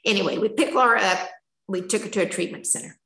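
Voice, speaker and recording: A woman's voice: mid-range voice, quick pace, bright, forceful tone, roomy sound, rough recording. An older woman telling her personal story at a recovery meeting, candid and emotional, in a chatty storytelling manner. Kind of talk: personal testimony.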